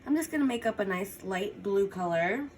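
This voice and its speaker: A painting instructor with an expressive, mid-range voice talks at a normal pace as she works. Her tutorial is casual and chatty, sprinkled with small apologetic asides.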